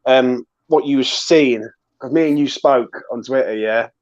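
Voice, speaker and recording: A man hosts a fan chat, emotional and sweary, calling his mates bruv. His voice sits at a middling pitch. The sound is dry and dull, like lo-fi call audio. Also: unhurried, no room sound. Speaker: fan channel host. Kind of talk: excited post-match fan chat.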